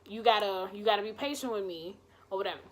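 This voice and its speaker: A woman vlogger telling a personal story in a casual, animated way, acting out the dialogue and swearing freely. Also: mid-range voice, quick pace.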